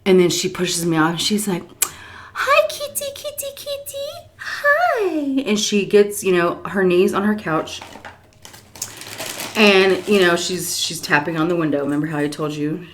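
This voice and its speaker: Lively storytelling woman, slightly low voice. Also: normal speed, a little hiss or hum. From Texas. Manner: animated, jumps into high quoted voices; drops to soft whispers between bites. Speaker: mukbang storyteller. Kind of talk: casual storytelling while eating.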